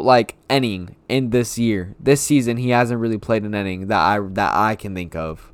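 Speaking solo about sports, a man vents as an annoyed fan, going over the same points again and again. He has a fairly low, smooth and clear voice, expressive, at a normal speed with hardly any pauses, captured close in a dry recording with no room sound.

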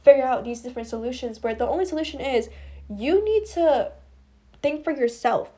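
Young woman, late teens, podcast host, slightly high voice, casual rambling advice, lots of filler words. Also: dark tone. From US East Coast. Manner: rambling, heavy use of "like" and "you know", addresses listeners as guys.

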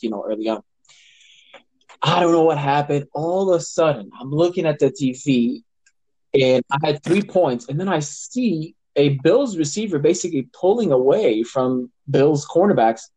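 A man, a regular of the show, telling a lively story in casual podcast chat. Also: fairly high pitch, no room sound, poor audio. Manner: animated storyteller.

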